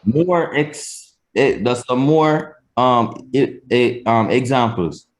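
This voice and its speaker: Slow, deliberate male language teacher. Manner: slow, deliberate explaining with demonstrated pitch swings. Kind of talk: explanatory online lesson.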